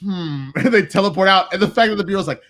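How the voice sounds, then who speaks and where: A man co-hosting a casual TV review chat, excited, swearing often and acting out lines. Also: high voice, rapid-fire. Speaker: co-host.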